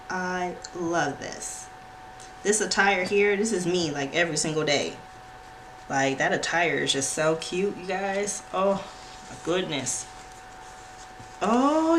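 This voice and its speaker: Woman, gushing unboxing host, slow drawl, noisy home recording with clicking. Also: fairly low pitch. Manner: excitable, gushing, frequent squeals and "y'all". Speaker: planner channel host. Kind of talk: casual unboxing vlog.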